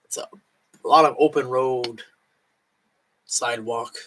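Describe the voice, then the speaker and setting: A man's voice: mid-range voice, steady tone, measured pace, fairly bright tone, slight background noise, low-quality recording. A drunk man rambling casually on a late-night live stream at home, swearing and chewing food as he talks.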